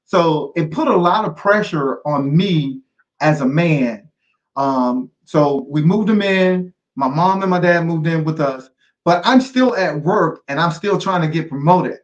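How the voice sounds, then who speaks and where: A man's voice: on the high side, lively intonation, unhurried, dull audio. A middle-aged man speaking as an interview guest, sharing a personal story earnestly and repeating key phrases for weight.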